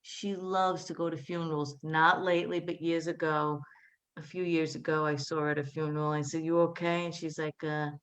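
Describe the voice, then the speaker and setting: New woman doing chatty stand-up. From Staten Island, New York. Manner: chatty, quick asides, mimics family in a flat low voice. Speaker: stand-up comedian. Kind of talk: stand-up set.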